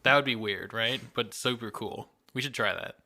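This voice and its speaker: A man co-hosting a casual film podcast, laid-back and wry. His voice has a sharp, bright tone at a middle pitch. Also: normal speed. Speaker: podcast co-host. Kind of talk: casual film discussion chat.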